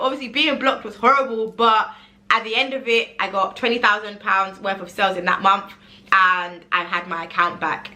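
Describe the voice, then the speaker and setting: A young woman telling a casual vlog story, animated and expressive, acting out what she said and using "like" often. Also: on the high side, fairly quick, some chatter behind. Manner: animated, acts out her own quoted pleas, says like a lot. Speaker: online seller and vlogger.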